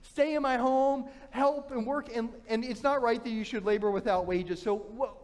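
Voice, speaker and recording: A boisterous, scheming older father with a salesman's welcome, as a male preacher acts him out. The voice runs high and loud, with a long hall reverb behind it. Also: fairly even intonation, normal speed. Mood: hearty.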